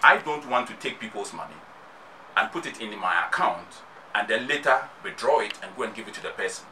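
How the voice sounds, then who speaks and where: On a radio show, a male musician and activist with a Ghanaian English accent speaks emphatically, driving his points home through repetition. His lowish voice is animated, fairly quick, pushed and bright. The studio is noisy and the mic sits at a distance.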